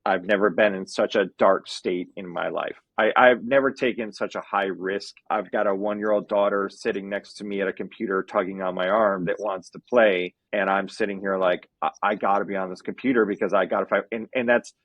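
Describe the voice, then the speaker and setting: A man's voice: on the low side, fairly even intonation, brisk, hardly any pauses, fairly bright tone, no echo, lo-fi sound. A man in his thirties, a podcast guest, earnestly telling a personal story that runs close to tears. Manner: earnest, emotional, fighting back tears at times.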